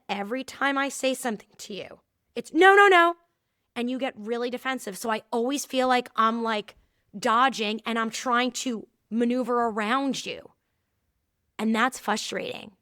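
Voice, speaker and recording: A woman's voice: fairly high pitch, moderate pace, dry recording, clean studio sound. A woman, hosting a casual solo talk show and telling workplace stories, acting out the voices of the people in them. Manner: lively storytelling, acting out quoted dialogue. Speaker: podcast host.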